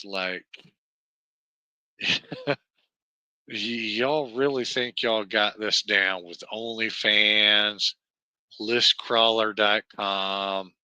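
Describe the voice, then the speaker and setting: On his livestream, a Southern-accented host delivers a slow, cursing, meandering rant, stumbling over fillers and restarts. His fairly low voice still comes across very bright and cutting, and the close, completely dry sound has no room around it.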